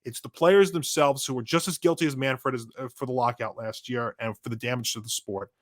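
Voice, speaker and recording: A man co-hosting a sports podcast, ranting in a casual, animated way with frequent restarts, his voice going hoarse. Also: mid-range voice, brisk. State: losing his voice. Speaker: podcast co-host.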